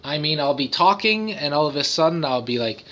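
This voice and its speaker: A man's voice: a little high, lively intonation, fairly quick, fairly bright tone. A man talking casually to camera about his own habits, rambling and interrupting himself, often breaking into sudden singing, noises and cartoon voices. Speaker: vlogger, autistic father.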